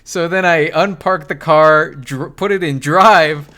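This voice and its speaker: A man's voice: a little high, measured pace, bright, forceful tone. A young man hosting a podcast, telling a story in casual chat, swearing and laughing, acting out what people said. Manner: laughing, swearing, acts out quotes. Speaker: podcast host.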